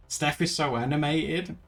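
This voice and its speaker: A man's voice: fairly high pitch, slow pace, gravelly, fairly bright tone. A man chatting casually on a live stream, laughing often and retelling stories. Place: indoors at home. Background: faint music.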